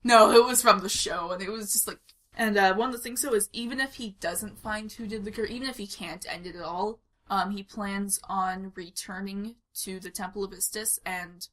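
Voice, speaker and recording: A woman's voice: medium pitch, steady tone, normal speed, a bit bright. A woman on a tabletop game podcast, talking casually and at length about her character, with frequent giggles. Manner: rambling and giggly, explains at length. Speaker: player introducing her character.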